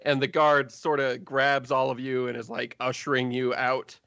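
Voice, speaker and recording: A man's voice: mid-range voice, level tone, normal speed, creaky, sharp tone, clear, resonant tone, no room sound. A man narrating a tabletop game as game master, loose and chatty, laughing often, in a dull, dry recording.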